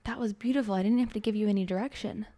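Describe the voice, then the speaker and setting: A woman in her twenties hosting a casual podcast chat, playful and giggly, talking in quick bursts. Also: medium pitch, fairly even intonation, background noise. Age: 20s. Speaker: podcast host.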